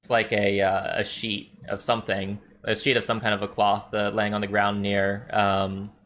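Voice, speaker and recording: A man's voice: on the low side, little pitch movement, moderate pace, fairly bright tone. A man narrating a tabletop game as game master, loose and rambling with many fillers.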